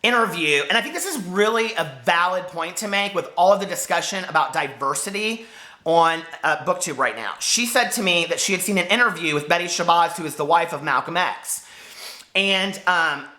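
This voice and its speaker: A man in his forties with a high, squeaky voice, speaking in an impassioned, hurt vlog rant and swearing as he talks to the camera. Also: lively intonation, normal speed, sharp tone, reverberant. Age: 40s. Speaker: book vlogger.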